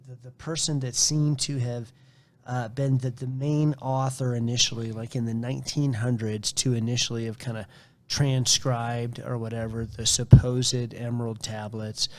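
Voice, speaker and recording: A man's voice: mid-range voice, flat delivery, normal speed, darkish tone. Male co-host, casual chat, jokey and rambling, mid-range voice. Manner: jokey, rambling, laughs often. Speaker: podcast co-host. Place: indoors.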